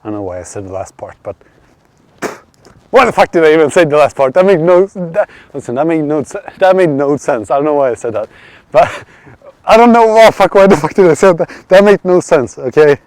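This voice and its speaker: A man's voice: on the high side, animated, brisk, darkish tone, dry recording. A man from Sweden live-streaming while walking outdoors at night, rambling, swearing and answering chat. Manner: rambling, swearing, restarts and reads chat aloud. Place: outdoors on a city street at night. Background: faint street and traffic noise.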